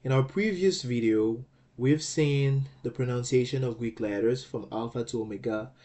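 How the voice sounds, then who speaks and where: A man teaching a language lesson, explaining step by step in a deliberate way, often rephrasing himself and adding fillers. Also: medium pitch, dark tone.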